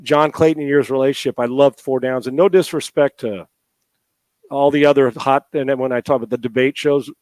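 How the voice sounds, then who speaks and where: A man's voice: mid-range voice, fairly even intonation, brisk, a little mellow, no room sound. A middle-aged man, a guest in an interview, talking in a heartfelt, emotional way with many restarts. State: emotional, near tears. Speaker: guest, former NFL quarterback and radio host.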